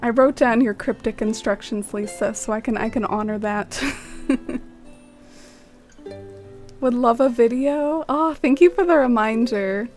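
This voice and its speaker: Chatty woman streamer, slightly high voice. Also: measured pace, long pauses, darkish tone, faint music behind. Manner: chatty, greets viewers by name, many "like" fillers. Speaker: game streamer. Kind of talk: casual live-stream chat.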